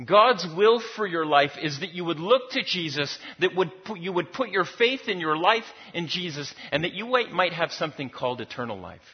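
A man's voice: high voice, expressive, normal speed, few pauses, breathy edge. A man preaching a sermon in a conversational, storytelling manner, often repeating words as he goes. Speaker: pastor. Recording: dull lo-fi recording.

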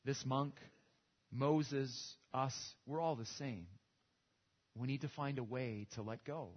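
A man preaching a sermon and telling a story, with small restarts and repetitions. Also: mid-range voice. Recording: dull lo-fi recording.

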